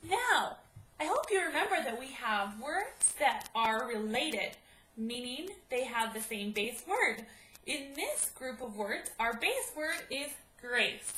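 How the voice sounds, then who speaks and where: A woman teaching a spelling lesson to children, speaking slowly and clearly and sounding out each syllable at a whiteboard. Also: high-pitched, sing-song, sharp tone. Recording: echoey room, faint noise.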